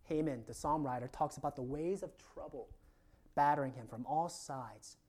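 A man's voice: a little high, normal speed, darkish tone, breathy edge. A male pastor preaching a sermon in an earnest tone, often letting phrase endings fall to a near-whisper.

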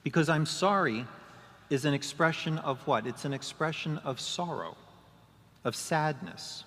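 A man's voice: on the high side, normal speed, a bit bright. Man preaching in a reverberant hall. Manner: rhetorical questions, acts out quoted excuses. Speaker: pastor. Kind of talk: sermon.

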